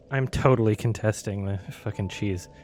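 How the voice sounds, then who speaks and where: A man's voice: a little high, pushed and bright. A man streaming a video game, ranting in an exasperated, sweary way and laughing as he talks. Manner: exasperated, sweary, laughing through his rant. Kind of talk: ranting live-stream commentary while gaming.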